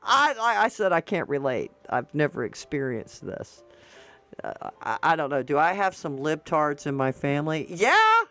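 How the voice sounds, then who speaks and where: A woman's voice: low-pitched, expressive, normal speed, a bit bright, soft background music. A woman vlogger chatting casually to her viewers about politics and holidays, rambling and using slang.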